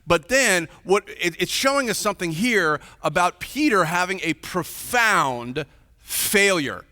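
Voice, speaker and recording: A man's voice: high voice, very animated, unhurried, bright, forceful tone, big-room sound. A male pastor preaching in a chatty, informal way, often checking in with his listeners. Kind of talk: conversational sermon. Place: church sanctuary.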